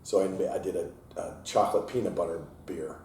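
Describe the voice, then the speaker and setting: A man's voice: low-pitched, fairly even intonation, fast, a little mellow. A man who owns a brewery tells stories in a casual interview and acts out the people he quotes in a raised voice. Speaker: brewery owner and head brewer. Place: inside his brewery taproom. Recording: echoey room, mic at a distance, faint hiss.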